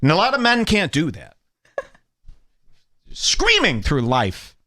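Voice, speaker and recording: A man's voice: on the high side, huge pitch swings, slow, bright, forceful tone. A man hosting a podcast in casual comedic chat, sarcastic and profane with a mock-tough manner. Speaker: podcast host.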